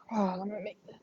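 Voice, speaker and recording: A woman fitness instructor chatting casually before a livestream workout class, relaxed and sighing now and then, on a headphone mic at home. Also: mid-range voice, muffled recording, slight background noise. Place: indoors at home. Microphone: wireless headphone mic.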